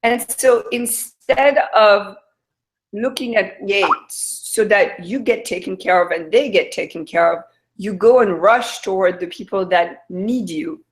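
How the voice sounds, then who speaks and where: A French woman hosts a casual chat over a video call, her voice sitting at an ordinary middle pitch. She is chatty and questioning and often restarts her sentences as she talks. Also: unhurried. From France. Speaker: host.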